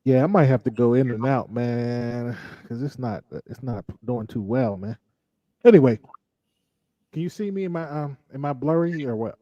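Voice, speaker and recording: A man's voice: medium pitch, moderate pace, dark tone, no room sound. A man co-hosting a show over a video call, easygoing and teasing, laughing along with his partner. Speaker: co-host. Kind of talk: casual chat on a video call. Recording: dull, dry video-call audio.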